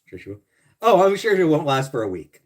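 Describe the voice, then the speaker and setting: A man hosting a casual livestream, reading viewer comments and answering bluntly and profanely, with sarcastic jokes, sometimes muttering low and sometimes ranting loudly. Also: big pitch swings, brisk. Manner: blunt and profane, swinging between mutters and loud rants. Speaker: livestream host.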